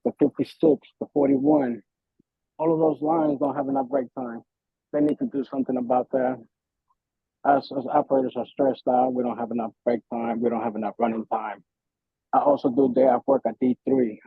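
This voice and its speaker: A man's voice: mid-range voice, very animated, moderate pace, gravelly, breathy edge, no echo. A man, a bus operator, giving an emphatic, frustrated public comment at a transit board meeting. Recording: tinny phone-like sound.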